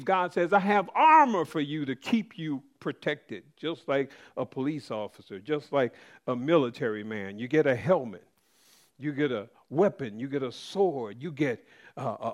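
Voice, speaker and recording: A middle-aged man preaching a conversational sermon, calling out to the congregation. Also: fairly high pitch.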